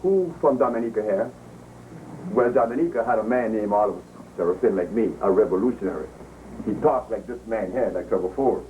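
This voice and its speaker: A man's voice: lowish voice, brisk, distant mic, phone-quality sound, slight background noise. A man giving an impassioned, preaching lecture to a live audience, emphatic and repeating himself for effect. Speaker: public speaker. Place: live event before an audience.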